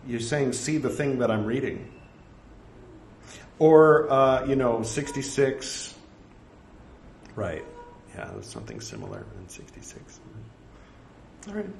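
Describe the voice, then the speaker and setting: Reading scripture aloud, this man speaks in a mid-range, slightly dark voice with a sing-song lilt, vocal fry, a slow pace and frequent pauses. He voices every punctuation mark and keeps stopping for wry, self-mocking apologies. The room is echoey, with faint ambient noise.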